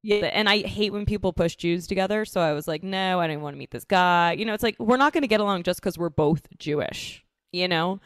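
A young woman who hosts a true crime podcast chats casually from her apartment living room, telling stories with animated energy and frequent laughter. Her voice sits at medium pitch and moves briskly. The recording is clean and studio-like, with no room sound.

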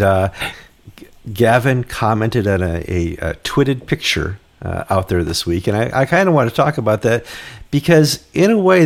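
Man, host, jokey, self-deprecating, mid-range voice. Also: medium pitch. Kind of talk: casual chat.

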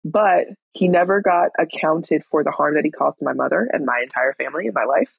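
A woman's voice: sits low, brisk, creaky, breathy edge, no room sound, phone-quality sound. A woman in her thirties telling her own story in a frank, candid way, blunt and swearing at times. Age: 30s. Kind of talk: personal storytelling.

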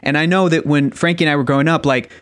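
Dry-sounding enthusiastic interview host. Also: male voice, fairly high pitch, steady tone, quick pace, a bit bright, clear, resonant tone, no room sound. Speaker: podcast co-host. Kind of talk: casual interview chat.

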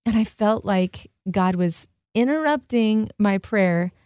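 A woman's voice: medium pitch, lively intonation, slow pace, a little mellow, clean tone, no room sound. A woman co-hosting a radio show, chatting expressively and laughing easily from a studio mic. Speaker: radio co-host. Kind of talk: casual radio chat. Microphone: studio microphone.

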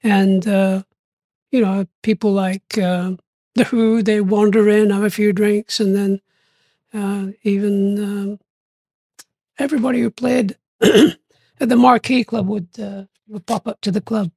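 An older man telling stories in an interview, animated and lively, often acting out what people said and laughing along. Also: high-pitched, unhurried, creaky, no echo. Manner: animated, acts out quoted voices, laughs often. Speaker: interview guest. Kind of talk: storytelling interview.

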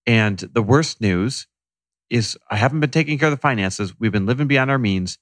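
A man's voice: medium pitch, expressive, moderate pace, no room sound. Candid man co-host, dry sound. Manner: candid, self-deprecating storyteller. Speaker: podcast co-host. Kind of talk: casual conversation.

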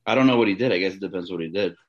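A man's voice: low voice, rapid-fire, lo-fi sound. A man co-hosting a fantasy basketball podcast in casual chat, bantering with jokes and sarcasm.

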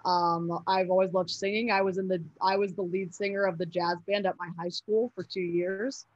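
In a dull, dry recording, a young woman being interviewed answers casually and hesitantly, filling gaps and restarting often. Her voice is lowish with little pitch movement, at a normal speed.

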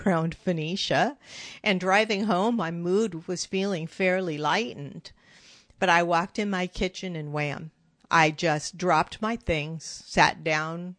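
A middle-aged woman with a lowish voice speaks gently and openly, hosting her own podcast. She talks reflectively and candidly from her home office. The sound is dry and close, with little room echo. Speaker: podcast host. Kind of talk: personal podcast monologue.

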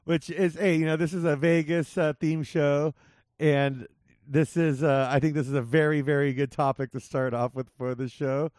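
A man's voice: a little high, level tone, normal speed, darkish tone, dry recording, clean studio sound. A man hosting a casual podcast, talking loosely with plenty of fillers and laughs. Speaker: podcast host.

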